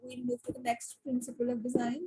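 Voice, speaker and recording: A woman teacher, her voice very husky and breathy and set somewhat high. She lectures an online class, often asks the class questions, and fills her pauses with "uh" and "um.". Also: flat delivery, dark tone, poor audio.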